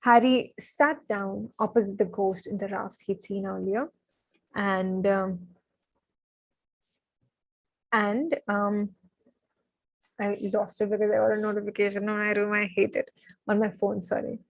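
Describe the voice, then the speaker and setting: Excitable young woman reading aloud. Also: mid-range voice, measured pace, gravelly, long pauses, no echo, rough recording. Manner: excitable and chatty, with many fillers and apologies. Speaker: live-stream book reader. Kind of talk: reading a novel aloud on a live stream.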